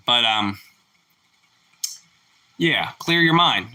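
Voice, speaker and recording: A young man hosting a casual live chat with viewers, relaxed and chatty, breaking into loud whoops of delight. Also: mid-range voice, fairly quick. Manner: relaxed, chatty, exclaims "woo" over food. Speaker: livestream host.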